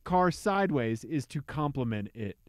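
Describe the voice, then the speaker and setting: A man's voice: mid-range voice, very animated, normal speed, dry recording, studio quality. A young man from Missouri co-hosting a car podcast, joking around as he reads listener submissions aloud. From Missouri, USA. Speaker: podcast co-host. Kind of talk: casual podcast banter.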